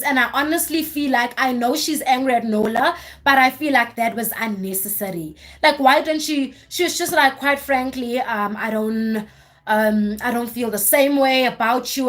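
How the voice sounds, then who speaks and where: A woman hosting a livestream, recapping a reality show in casual chat with animated, exasperated storytelling. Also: high voice. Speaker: livestream host.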